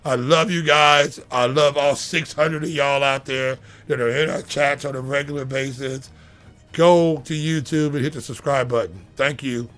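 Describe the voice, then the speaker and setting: A man co-hosting a casual sports talk show, hoarse while his voice recovers, ranting loudly and animatedly. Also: medium pitch, steady tone, normal speed.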